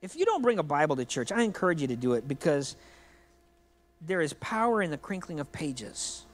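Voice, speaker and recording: A man's voice: a little high, sing-song, a little fast. A man preaching a sermon in a church, joking and conversational, addressing the congregation directly. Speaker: pastor.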